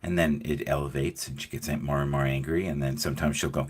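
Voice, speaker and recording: A man's voice: very deep voice, fast talker, hardly any pauses, husky. A middle-aged man hosting a casual chat, telling stories and acting out the voices of the people in them. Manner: animated storyteller acting out quoted voices. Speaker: host.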